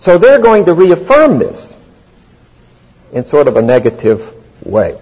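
A man teaching the Bible verse by verse in a deliberate, emphatic way. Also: on the high side, huge pitch swings, darkish tone, breathy edge. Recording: long hall reverb.

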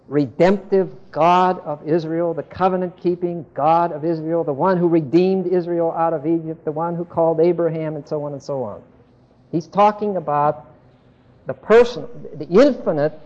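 A man teaching a Bible lesson, animated, acting out the dialogue in the text and repeating himself as he goes. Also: fairly high pitch, lo-fi sound.

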